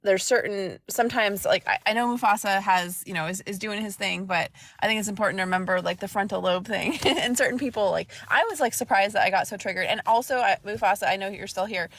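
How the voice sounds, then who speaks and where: A woman speaking up as a guest on a livestream, halting and searching for words with many fillers. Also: medium pitch, fairly bright tone. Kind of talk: casual chat.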